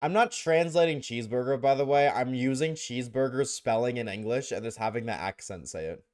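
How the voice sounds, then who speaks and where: A man's voice: mid-range voice, brisk, a little mellow. A man streaming live, chatting casually and joking with his viewers, often laughing.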